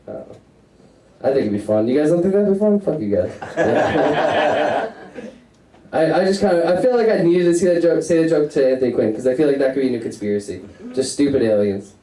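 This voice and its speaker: A male stand-up comic rambles through crude jokes and chuckles at his own punchlines. His voice is mellow and sits a little high for a man. The sound is roomy, as if caught from across the club. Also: lively intonation, a little fast. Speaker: stand-up comedian. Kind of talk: stand-up comedy set. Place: comedy stage before a live audience. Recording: roomy sound, mic at a distance.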